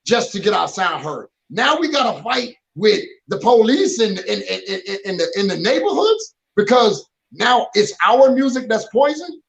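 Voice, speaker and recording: High-voiced gravelly man, emphatic. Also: sing-song, normal speed, hardly any pauses, low-quality recording. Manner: emphatic, streetwise slang, repeats words when fired up. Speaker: rapper and producer, guest. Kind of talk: casual podcast interview.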